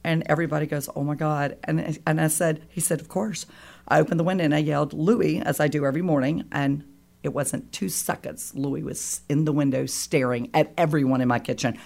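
Woman on a radio show telling a story, lots of feeling, a bit gravelly. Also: deep voice, a little fast. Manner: animated, acts out quoted voices. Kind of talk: emotional personal storytelling.

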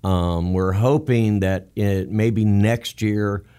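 A man's voice: lowish voice, fairly even intonation, slow, warm tone, clear, resonant tone. A man in his seventies who founded a veterans group, a radio interview guest telling stories earnestly.

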